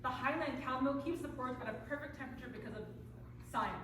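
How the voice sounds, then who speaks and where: A woman acting out a put-upon young Cinderella in a stage farce, high-voiced and theatrical, playing up her suffering with mock cheer. She is heard from far across a very echoey hall, with room noise clearly behind her. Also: quick pace, close to an everyday voice. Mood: gracious. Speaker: stage actor. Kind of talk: live stage comedy.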